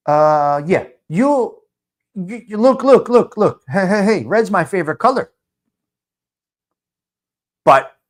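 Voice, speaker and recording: A brash middle-aged man runs a live chat stream, teasing his viewers. His voice sits high for a man and swings widely up and down as he jokes. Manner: brash, teasing, street-wise banter.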